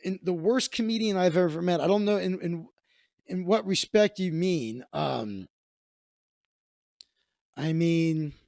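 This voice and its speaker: Man, comedian, livestream host, high voice, gravelly, dry close sound, swearing, rambling. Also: lively intonation, a little slow, long pauses, a little mellow, no echo. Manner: profane, rambling storytelling with frequent restarts. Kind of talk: casual rambling chat.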